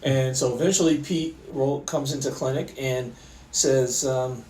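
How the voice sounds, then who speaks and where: A middle-aged man, an orthopaedic surgeon, tells stories in a relaxed way, with many fillers and restarts. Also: mid-range voice, measured pace, echoey room, recorded from a distance, slight background noise, low-quality recording. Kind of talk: conversational storytelling interview.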